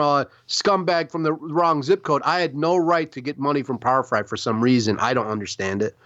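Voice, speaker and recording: A man's voice: fairly high pitch, a bit bright, dry recording, highs cut off. Profane, rambling man from Chicago. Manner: rambling, profane, streetwise, frequent "like" and "you know". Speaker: podcast guest, publisher. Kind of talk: casual interview storytelling.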